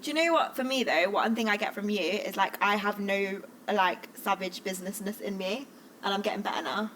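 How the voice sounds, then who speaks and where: A young woman co-hosting a podcast in casual chat. She talks in a chatty, teasing way and giggles easily. Her voice sits at a middle pitch. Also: brisk, fairly bright tone, slight background noise, rough recording. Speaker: podcast co-host.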